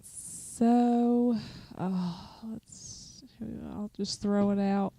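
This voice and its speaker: A woman's voice: mid-range voice, steady tone, extremely slow, dark tone, dry recording. A woman co-hosting a podcast in casual chat, speaking hesitantly with many fillers. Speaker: podcast co-host.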